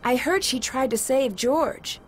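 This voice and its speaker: A woman's voice: sits high, measured pace, faint music behind. An actress voicing an earnest young female amateur detective in a mystery video game, asking questions in a curious, direct way.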